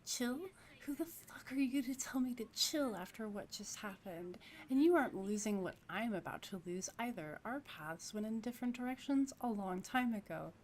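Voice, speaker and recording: A woman doing a volatile young ex-cop in a video game, grieving and quick to snap, swearing through angry rants. The voice sits fairly high, with a faint hiss behind it. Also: lively intonation, close to an everyday voice. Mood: bitter.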